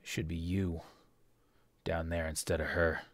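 Man putting on a wounded arrogant governor, low hushed whisper, scornful, slow, dry sound. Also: little pitch movement, dry recording.

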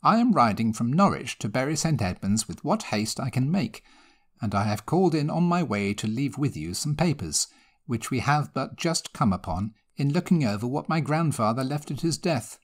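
A man's voice: medium pitch, big pitch swings, normal speed. A man voicing a polite, formal young scholar who is in a hurry. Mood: courteous. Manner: courteous, formal.

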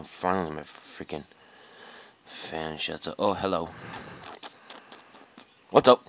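Low-voiced man muttering over gameplay. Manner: frustrated, swearing, muttering to himself. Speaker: gameplay commentator. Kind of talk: live gameplay commentary.

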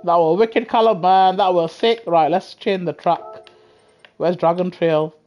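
A man's voice: high voice, fairly even intonation, a little slow, dull audio. Guy live-streaming a racing game on a headset, slangy, talks right at the chat, keeps repeating himself. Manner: slangy, talking straight at viewers, repeats himself. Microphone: gaming headset.

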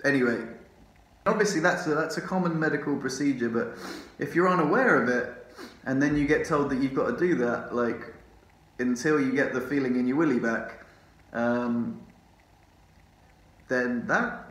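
A man's voice: medium pitch, moderate pace, a bit bright. Rambling man in a roomy hospital room. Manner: rambling, chatty, swears and laughs often. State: drowsy from morphine. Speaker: vlogger. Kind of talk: casual vlog chat. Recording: roomy echo.

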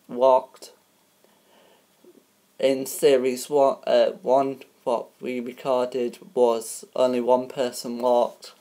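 A woman hosts a homemade mock TV show in a casual, unpolished way. Her voice sits very low, and she talks slowly. She hesitates constantly, filling gaps with ums and uhs and tripping over names. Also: dark tone. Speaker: host of a homemade spoof show.

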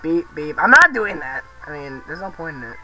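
Young male gameplay commentator, loose and excitable, cussing at the screen, bright voice. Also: fairly high pitch, normal speed, faint music behind, low-quality recording. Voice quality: rambling, excitable, swears, shouts at the game. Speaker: let's play host.

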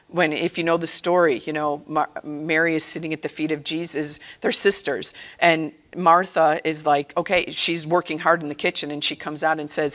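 A woman's voice: low voice, flat delivery, moderate pace, few pauses, fairly bright tone. Earnest woman sharing her faith story. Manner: earnest, conversational, acts out quotes. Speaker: speaker at a catechist training session. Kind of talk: personal faith-sharing talk.

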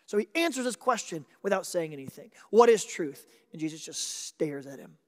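A man's high, bright voice carries through a large church hall with a long, ringing reverb. He preaches with dramatic swings, dropping to near-whispers and then rising to loud, emphatic declarations. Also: big pitch swings, moderate pace. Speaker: pastor. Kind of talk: sermon.

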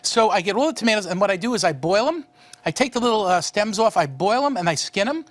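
A man's voice: high-pitched, lively intonation, quick pace, a bit bright, no echo. A man hosting a cooking show, chatting folksily while he cooks. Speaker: cooking show host, a monsignor.

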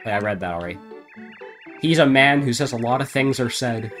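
A man on a live stream reading garbled game dialogue aloud in a deadpan comic voice, often breaking into laughter. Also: mid-range voice, a little fast, faint music behind.

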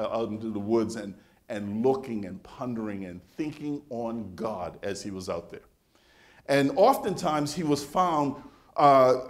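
With a medium-pitched voice, a male pastor preaches a sermon as animated, conversational storytelling, frequently restarting his phrases.

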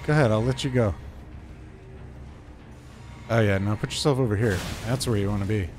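A man's voice: on the low side, normal speed, music in the background. A man streaming an online game and talking through it live, playful and joking. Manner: playful and joking, with bursts of laughter and silly sounds. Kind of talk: live gameplay commentary.

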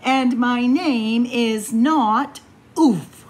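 A woman voicing a young male bird, earnest and proud, reading his lines in an insistent, lively storybook voice. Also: high-pitched, takes it slowly, breathy edge, exaggerated voice.

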